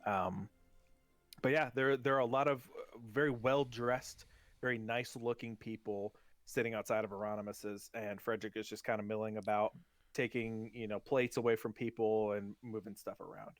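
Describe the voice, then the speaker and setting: Man narrating a tabletop game, halting. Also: lowish voice, fairly even intonation, no room sound, studio quality, soft background music. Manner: loose, halting narration with many ums and restarts. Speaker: dungeon master.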